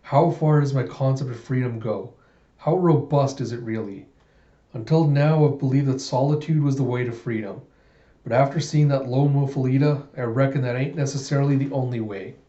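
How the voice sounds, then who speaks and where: Man doing a gruff mercenary, drawling, plainspoken, dark and mellow, echoey room. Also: medium pitch, moderate pace, highs cut off, natural voice. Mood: stern.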